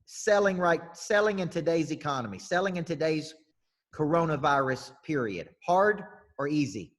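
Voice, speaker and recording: A man's voice: fairly high pitch, lively intonation, moderate pace. A man hosting a sales panel as coach, talking loosely and steering the questions. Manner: loose, talkative, runs the questions. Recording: husky voice with long reverb.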